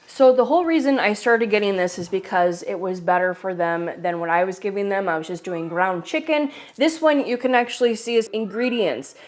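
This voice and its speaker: Chatty woman telling a story. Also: fairly high pitch. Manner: chatty, animated, restarts mid-sentence. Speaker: host. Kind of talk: casual storytelling to camera.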